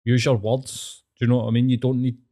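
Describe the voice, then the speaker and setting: A man's voice: medium pitch, little pitch movement, dark tone. Scottish host, young man, blunt sweary banter. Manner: blunt, sweary, quick talker. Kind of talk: casual chat.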